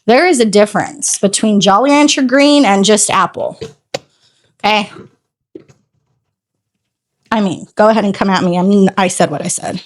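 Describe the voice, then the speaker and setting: Mid-range in pitch and moderate in pace, she pauses often, and the sound is dry. Chatting to her phone on a tripod outside in the driveway as she details a car, she keeps the vlog casual, with a sassy streak and ranting asides.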